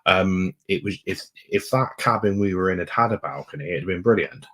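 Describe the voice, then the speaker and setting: A man co-hosts a casual travel live stream, spinning stories with dry, teasing jokes. His voice sits low and has a husky edge. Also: brisk, a bit bright. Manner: joking, teasing storyteller. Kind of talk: casual chat.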